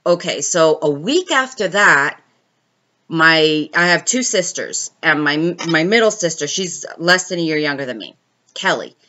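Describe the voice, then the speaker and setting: A woman's voice: low voice, expressive, measured pace, pushed and bright, dull audio. A woman hosting a casual live stream, chatting with viewers and telling a personal story. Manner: chatty, answers viewer comments mid-story.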